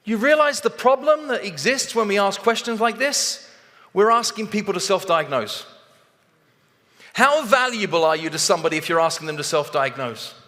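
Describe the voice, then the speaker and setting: Animated male motivational speaker, high and bright, echoing in a large hall. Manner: animated, acts out both sides of conversations. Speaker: sales trainer speaking on stage. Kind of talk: motivational talk.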